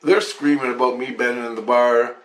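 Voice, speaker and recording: A man's voice: mid-range voice, fairly even intonation, a little fast, fairly bright tone, echoey room. A man vlogging a rambling account of a dream, repeating himself, restarting sentences and swearing often. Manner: repetitive with restarts and frequent swearing.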